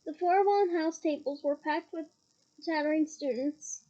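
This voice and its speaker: A woman's voice: high voice, moderate pace, dark tone, dull audio. A woman reading a novel aloud expressively, with small slips and asides. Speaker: reader.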